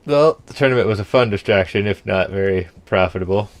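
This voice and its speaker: A man's voice: fairly low pitch, fairly quick. A young man from Canada giving casual let's-play commentary, thinking aloud and muttering half to himself as he plays. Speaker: gameplay streamer.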